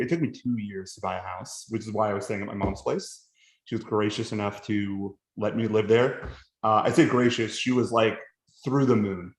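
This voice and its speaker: Man, casual podcast chat, rambling jokes, echoey room. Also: lowish voice. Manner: joking, rambling, laughs often. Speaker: podcast co-host.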